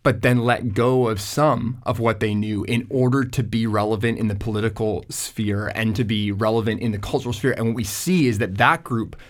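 A man who works as a pastor, talking thoughtfully in a relaxed faith discussion, often restarting his sentences. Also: lowish voice, moderate pace, few pauses. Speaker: young adult pastor.

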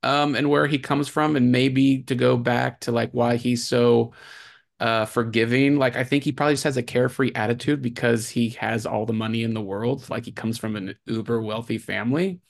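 A man co-hosting a casual movie podcast, his voice gravelly with fry at the ends of phrases. He rambles, restarts his sentences and fills the gaps with "um" and "like", at a middling pitch. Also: moderate pace. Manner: rambling, animated, full of fillers and restarts. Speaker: podcast co-host.

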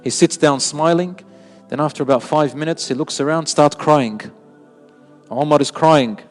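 A man giving an animated sermon who repeats words for emphasis and mixes in Arabic phrases. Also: on the high side, moderate pace, in a large hall, soft background music. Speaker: Islamic preacher. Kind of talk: sermon with storytelling.

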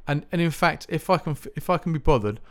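A man's voice: fairly high pitch, lively intonation, fast talker. A man hosting a music podcast, talking in a rambling, chatty, self-mocking way with lots of restarts. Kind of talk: casual solo podcast chat.

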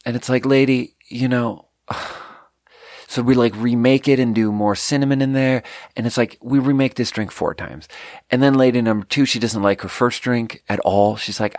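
A man's voice: medium pitch, no room sound, studio quality. A man, a podcast host and restaurant server, casually telling a long exasperated story about difficult guests, swearing freely. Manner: profane, exasperated, animated retelling.

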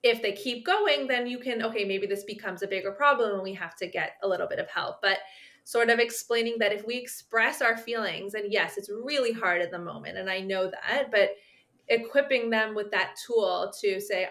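A woman's voice: mid-range voice, moderate pace, fairly bright tone. A woman speech therapist explaining her approach at length in a podcast conversation, with frequent fillers.

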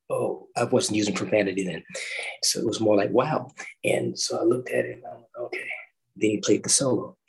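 A middle-aged man, a former orchestral timpanist, telling an animated story in a roundtable talk, acting out quotes and singing drum parts. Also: on the low side, gravelly, low-quality recording. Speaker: orchestral timpanist recalling his start.

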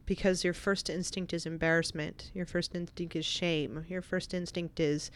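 A woman telling an emotional personal story as a podcast guest, swinging from animated bursts to hushed, reflective passages. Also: fairly low pitch, normal speed, clean tone.

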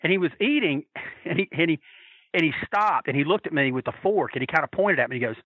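A man telling a story in a casual, animated way, swearing freely and acting out the voices of the people he quotes. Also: fairly high pitch, fast talker, breathy edge, no room sound, narrow, tinny audio. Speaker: storyteller recalling wrestling fan days.

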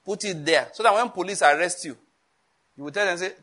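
A man with a Nigerian accent preaching a sermon, animated, acting out voices and laughing often. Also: fairly high pitch, fast talker. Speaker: pastor.

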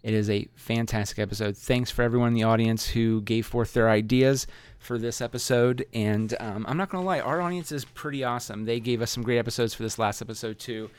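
A man's voice: mid-range voice, a little fast, clear, resonant tone, dry recording. A man hosting a live comedy podcast, rambling and self-deprecating, laughing easily. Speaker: podcast host. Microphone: podcast mic.

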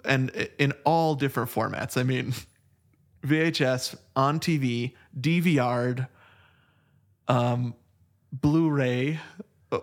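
A man's voice: medium pitch, slow pace, long pauses. A middle-aged man co-hosting a casual film chat, chatty, laughing often and trailing off into restarts. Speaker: podcast co-host.

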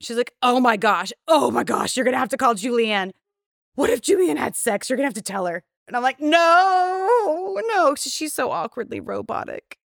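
A woman's voice: high voice, lively intonation, moderate pace, creaky, no echo, studio quality. A woman, a podcast guest telling a story casually, swearing freely and acting out the voices of the people in it. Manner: candid, profane, acts out quoted dialogue.

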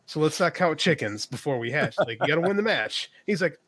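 A man's voice: on the high side, lively intonation, brisk, a bit bright, no room sound. A man in his thirties telling a personal story in a casual podcast chat, quoting himself and his son as he goes. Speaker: podcast co-host.

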